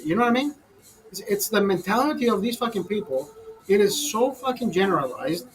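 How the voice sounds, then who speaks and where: Profane, fired-up man with a high voice. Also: animated, brisk, low-quality recording. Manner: profane, fired-up, talks to viewers as brother. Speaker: host. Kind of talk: casual rant over a beer.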